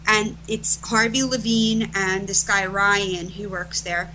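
A middle-aged woman, a guest being interviewed, telling stories emphatically and restarting her phrases as she rushes ahead. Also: mid-range voice, little pitch movement, bright, forceful tone, a little hiss or hum, low-quality recording. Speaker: interview guest, event organizer. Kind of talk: animated storytelling in conversation.

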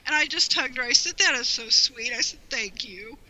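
A woman with a very bright, sharp tone recalls a personal memory as an interview guest. She talks in a heartfelt, meandering way, filling gaps with "you know". Her voice is emotional and close to tears. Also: sits high, lively intonation, moderate pace, dry recording, poor audio. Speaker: guest, longtime fan.

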